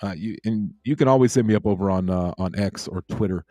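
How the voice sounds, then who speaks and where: A relaxed man chats through a livestream in a low, mellow voice. He rambles easily, repeats his phrases and greets viewers from the chat. The sound is dry and close. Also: brisk, no room sound. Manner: laid-back, repeats himself, reads chat aloud. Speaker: crypto livestream host.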